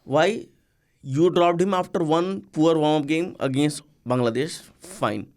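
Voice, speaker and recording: An Indian English man lays out his team selection in a casual cricket panel debate, firmly and with emphasis. His voice sits a little high. He keeps returning to the same points with insistence. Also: a little slow, a little mellow.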